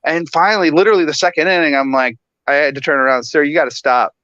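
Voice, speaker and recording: A man on a casual talk show, animated and laughing often as he tells a story. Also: a little high, fast talker, no room sound, highs cut off. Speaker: guest.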